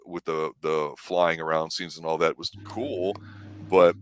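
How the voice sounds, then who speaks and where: Guy with a really low voice rambling through a movie review, lots of restarts. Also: steady tone, a little slow, slight background noise. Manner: rambling, many restarts, acts out quotes. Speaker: movie review show co-host. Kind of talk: casual movie review chat.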